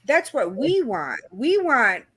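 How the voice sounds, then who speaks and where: A woman's voice: on the high side, big pitch swings, takes it slowly, a bit bright, breathy edge, no echo. Chatty woman hosting a livestream. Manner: rambling, many "you know" fillers. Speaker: channel host. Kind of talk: casual chat on a livestream.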